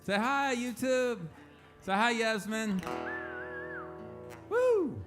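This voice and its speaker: Man, playful live emcee, slightly high voice, guitar behind him, church hall stage mic. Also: moderate pace. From Lawton, Oklahoma. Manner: joking, playful, chatty, coaxing the crowd. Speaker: emcee at a memorial service. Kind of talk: live stage banter to an audience. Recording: live guitar music underneath.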